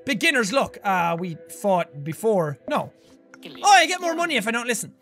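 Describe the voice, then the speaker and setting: A young man hosting a let's-play video, reading game text aloud and reacting loudly with lots of swearing. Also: high voice, sing-song, moderate pace, soft background music. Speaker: gaming video host.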